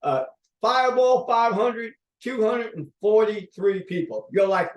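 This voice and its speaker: A man's voice: expressive, a little slow. A man giving an upbeat sales presentation as a company founder, often checking in with the audience. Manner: upbeat pitching, checks in with "okay?". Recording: echoey room, voice from a distance.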